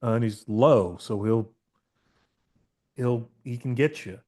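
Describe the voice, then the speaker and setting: A man's voice: mid-range voice, takes it slowly, darkish tone. A man in his fifties, a therapist guest on a podcast, telling stories casually with frank swearing and rambling restarts. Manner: profane, candid, rambling with restarts.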